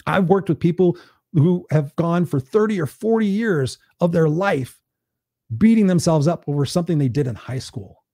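A man's voice: fairly high pitch, normal speed, mellow, dry recording, studio quality. A man hosting a live stream, giving a blunt, preachy motivational talk in a casual, conversational way and swearing freely.

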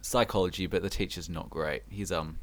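Low-voiced teenage guy. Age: teens. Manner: relaxed, halting, with ums and restarts. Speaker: podcast guest. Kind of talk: casual chat.

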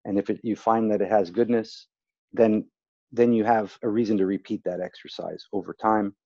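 A man with a low, mellow voice talks through a coaching exercise in an easygoing podcast conversation. His sound is dry, close and slightly dull, as if from a modest mic with no room around it. He explains patiently and steadily. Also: moderate pace, no echo. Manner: explains calmly, acts out worried and excited self-talk in demonstrations. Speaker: guest, speaking coach.

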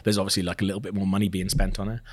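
A low-voiced man chats excitedly about films as a podcast co-host. He talks fast and loose and often drops a sentence halfway to start a new one. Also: a little hiss or hum. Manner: chatty, enthusiastic, trails off mid-sentence. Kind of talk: casual film review chat.

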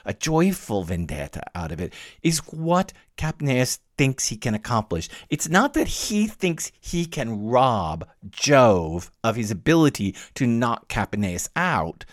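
A man hosting a podcast, giving a lecture-style close reading with lively emphasis and wry laughs. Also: medium pitch, a little slow, few pauses, dry recording. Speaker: podcast host and literature teacher.

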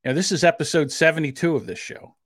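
A man with a South Jersey accent co-hosts a podcast in a casual, argumentative way. He gets defensive fast and pushes his pitch up when he presses a point. The sound is dry and close, with no room around it. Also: slightly rough, dry recording. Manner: defensive, heated, quick to rise in pitch; admits a short temper. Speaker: podcast co-host.

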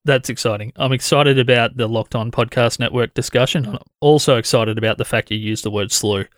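A man's voice: mid-range voice, fairly even intonation, fairly quick, no echo. Man, Australian accent, podcast host, easygoing chatty delivery, dry close sound. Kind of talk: casual conversational interview.

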